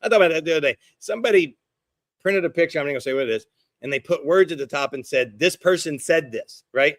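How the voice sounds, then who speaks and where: A middle-aged man preaches a lively sermon with a voice pitched a little above most men's. He breaks into quoted voices and drops to hushed asides. The sound is dry and close, with no room around it. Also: racing, dry recording. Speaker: pastor.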